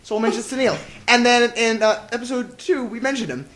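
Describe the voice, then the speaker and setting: A man's voice: very high-pitched, fairly quick, fairly bright tone. A young man hosting a casual podcast, joking, laughing often and tripping over his words. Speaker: podcast host. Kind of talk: casual chat.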